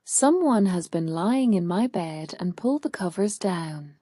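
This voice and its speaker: A woman voicing a big, gruff father bear in a storybook, speaking in a heavy, growling way. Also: on the low side, animated, unhurried, mellow, no room sound, studio quality.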